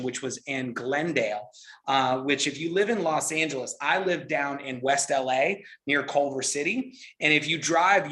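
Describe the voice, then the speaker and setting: Man, middle-aged, motivational trainer, bright tone, energetic, repetitive. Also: a little high. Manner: energetic, repetitive, says "right?" often. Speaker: network marketing trainer.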